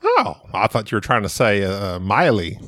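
A man's voice: fairly low pitch, huge pitch swings, normal speed, fairly bright tone, slight background noise. A man co-hosting a podcast, playful in casual banter, laughing a lot and trying goofy voices. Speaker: podcast co-host.

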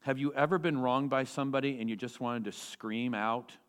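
Animated man preaching a sermon. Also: mid-range voice, fairly quick, clear, resonant tone. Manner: animated preaching with rhetorical questions and repetition. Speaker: pastor.

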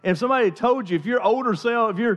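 A man's voice: very high-pitched, rapid-fire. A man preaching a sermon as pastor in a church, chatty and conversational, often restarting and repeating words.

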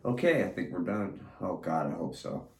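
A man's voice: deep voice, animated, moderate pace, creaky, reverberant. A man in a disoriented drugged state, rambling profanely in a disjointed stream of consciousness, veering between mumbles and anguished cries. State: disoriented, under the influence of a drug. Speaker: podcast host recording his own treatment session.

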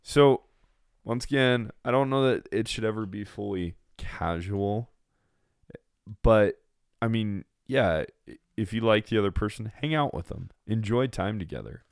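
A man's voice: on the low side, expressive, a little slow, smooth, no room sound, studio quality. A married man co-hosting a podcast, giving dating advice in a joking, rambling way. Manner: joking, rambling, slips into silly voices. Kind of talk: casual podcast chat.

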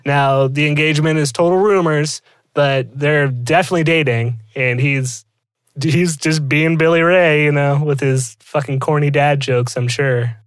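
A man with a fairly high voice co-hosts a loose podcast chat. He laughs often and swears casually. His voice sounds dry and close to the mic. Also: steady tone, measured pace, clean tone, no room sound. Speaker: podcast co-host.

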